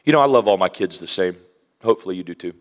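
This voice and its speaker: A man preaching a sermon, animated, acting out scenes with hushed whispers and playful voices. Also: deep voice, rapid-fire.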